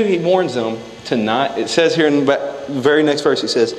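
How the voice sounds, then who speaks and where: A man's voice: fairly high pitch, moderate pace, few pauses, slight background noise. Conversational man preaching in an echoey hall. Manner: conversational, animated, acts out scripture quotes. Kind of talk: sermon. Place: church hall. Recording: echoey hall, faint ambience.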